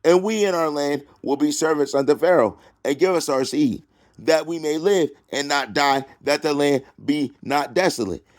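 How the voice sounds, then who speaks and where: A man reading scripture aloud and breaking off into loud preaching and taunting, drawling slowly through the verses. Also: fairly high pitch. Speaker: self-styled preacher.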